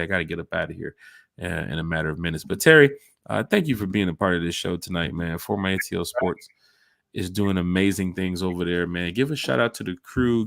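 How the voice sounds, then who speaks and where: Male podcast host, gravelly and low-set, animated hype talk. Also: dry recording, studio quality. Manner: animated, jumps between hype and asides. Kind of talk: casual sports podcast chat.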